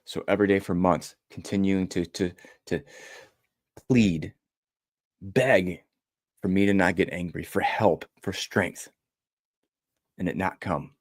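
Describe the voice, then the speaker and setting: Low-voiced man telling his story earnestly. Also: slow, pauses often, no room sound, studio quality. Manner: earnest, emotional storytelling with repetition. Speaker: motivational speaker. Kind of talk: personal story talk.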